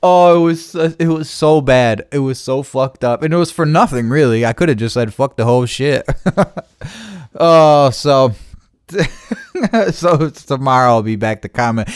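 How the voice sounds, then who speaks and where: A man hosting a podcast, telling a long, profane, animated story and acting out both sides of a support call. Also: mid-range voice, measured pace, clear, resonant tone, no echo, clean studio sound. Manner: animated, swears constantly, acts out both sides of conversations. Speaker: podcast host.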